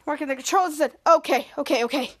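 A woman's voice: sits high, fast, lightly acted. A woman reading a young male superhero's lines in a terse, focused way while recapping a TV episode.

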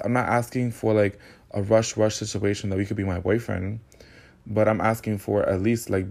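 A man's voice: on the low side, steady tone, fairly quick, creaky, a little mellow. A man hosting a podcast, telling a personal story in a sassy, candid and slangy casual monologue. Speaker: podcast host.

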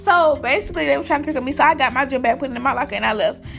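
A woman's voice: high voice, rapid-fire, vocal fry, a bit bright, faint music behind. A young woman chattily telling viewers a school story, calling them y'all and using lots of slang. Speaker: vlogger. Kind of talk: casual storytime.

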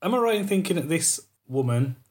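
A man's voice: a little high, sing-song, a little fast, a little mellow. Man, podcast co-host, loose jokey delivery that wanders off topic. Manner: rambling, jokey, trails off on tangents. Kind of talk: casual chat.

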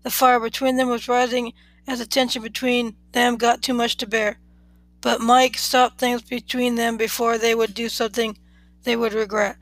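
A podcast host reading a romance story aloud in an unhurried, even way, with small slips now and then. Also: mid-range voice, no echo, rough recording. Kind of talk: plain read-aloud narration.

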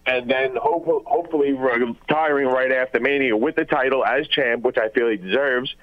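A man's voice: medium pitch, normal speed. Rambling male caller on a lo-fi phone. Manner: long run-on explanations with fillers. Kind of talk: calling in to a radio show. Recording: lo-fi phone line.

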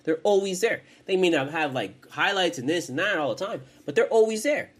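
A young man hosts a casual podcast from home, rambling, cursing, and restarting his sentences again and again. His voice is high, animated, and brisk.

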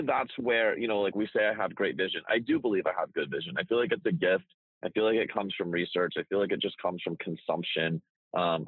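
A man with a low, husky voice coaching on a podcast, blunt and profane. His voice comes through tinny and narrow, like over a phone line, in a dry space. He tells stories with animated energy. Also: no room sound. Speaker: business coach. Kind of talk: casual podcast chat.

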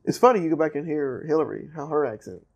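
Man, Southern American accent, fry in the voice, muffled lo-fi sound, easygoing rambling chat. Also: a little high, expressive, fast. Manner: easygoing, laughs often, rambling. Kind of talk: casual chat.

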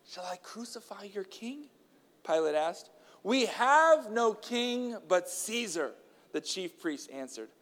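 A man's voice: high-pitched, sing-song, slow pace, a bit bright, big-room sound. A man preaching a sermon, chatting casually with fillers between stretches of emphatic scripture reading aloud.

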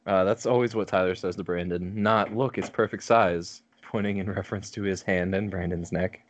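Low-voiced teasing podcast guy. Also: steady tone, fairly quick, a little hiss or hum. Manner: teasing, chatty, many fillers. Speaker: podcast co-host. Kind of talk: casual chat.

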